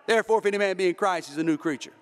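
A pastor preaching a sermon, with emphatic rises and drops and repeated phrases. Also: male voice, sits high, very fast. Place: church sanctuary. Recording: reverberant church hall.

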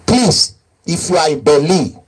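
With a somewhat high, breathy voice and lively intonation, an online talk host speaks unhurriedly on a live-streamed call-in. He keeps pleading, repeats himself, and switches into Nigerian pidgin.

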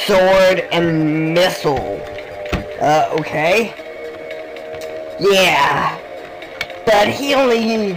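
A man giving sarcastic video game commentary, jumping between high and low tones. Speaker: let's play commentator. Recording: game music under the voice. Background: game music.

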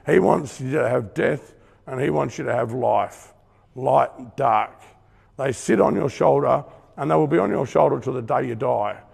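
Gravelly Australian man preaching a testimony. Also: medium pitch, normal speed, a little mellow, in a large hall. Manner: earnest, emphatic, conversational, with acted-out asides. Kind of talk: testimony sermon.

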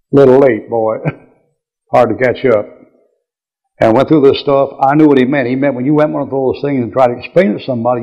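An older man with a drawl teaches scripture, blunt and folksy, tossing out chuckling asides. His voice is gravelly and a little husky at a middling pitch. It comes through a dull, muffled old lecture tape. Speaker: preacher.

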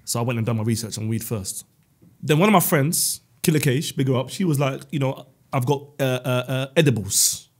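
A man on a podcast, telling funny stories in animated, casual chat. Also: medium pitch, a little fast, slightly rough. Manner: animated, comic storytelling. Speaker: podcast co-host.

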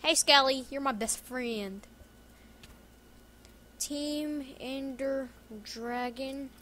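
A woman giving casual gameplay commentary as a video game YouTuber, excitable and jokey, often yelling and laughing at the match. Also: sits high, extremely slow, a little hiss or hum. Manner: jokey self-talk. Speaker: gaming YouTuber.

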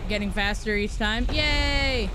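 A woman streaming a video game live, chatting with viewers, swearing and yelling at enemies. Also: fairly high pitch, a little slow, a little hiss or hum. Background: game music.

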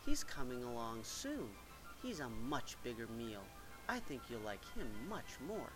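A man's voice: very animated, over music, rough recording. A man voicing a small young male billy goat in a storybook, pleading in a raised voice. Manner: pleading, high and slow.

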